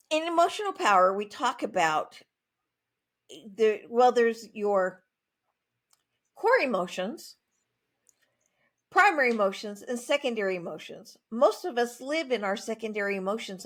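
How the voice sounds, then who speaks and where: A woman author speaking as a guest in a conversational interview, emphatic and plain-spoken, with animated asides. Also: on the high side.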